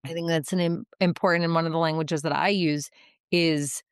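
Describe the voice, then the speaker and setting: A woman's voice: low voice, steady tone, brisk, clean tone, dry recording, studio quality. A woman hosting a podcast conversation, affirming and emphatic, speaking frankly. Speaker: podcast host, therapist.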